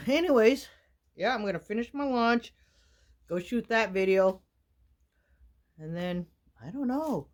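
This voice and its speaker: A woman's voice: mid-range voice, lively intonation, measured pace, long pauses. A woman, vlogging in a casual, rambling way with many fillers from a small wooden shack in the winter woods. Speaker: outdoor vlogger. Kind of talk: casual chat to camera.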